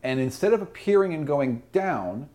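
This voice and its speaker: A man running a tabletop role-playing session as game master. He narrates the scene with animated storytelling, and his pitch rises and falls freely. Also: normal speed. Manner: animated, lively storytelling with sudden exclamations.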